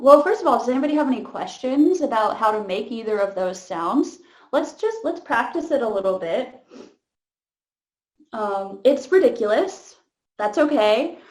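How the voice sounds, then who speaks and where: A woman leading an interactive voice workshop, chatty and laid-back, laughing often and filling pauses with "um" and "like". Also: on the high side, darkish tone, reverberant. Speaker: voice workshop leader.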